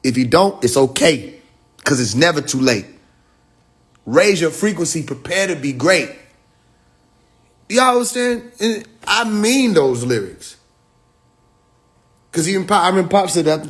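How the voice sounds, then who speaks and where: A man with a slightly high voice talks loosely and warmly to his followers on a livestream. He slips into slangy storytelling, acts out the lines of the people in his stories, and laughs between his points while calling on his listeners directly. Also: animated, normal speed, pauses often. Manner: slangy storytelling with acted quotes. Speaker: spiritual speaker on a livestream. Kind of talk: casual livestream talk to followers.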